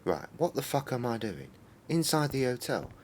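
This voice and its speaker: A man's voice: medium pitch, very animated, moderate pace, a little mellow, slight background noise. A man streaming a game, swearing and muttering exasperatedly at it. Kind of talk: casual game-stream commentary.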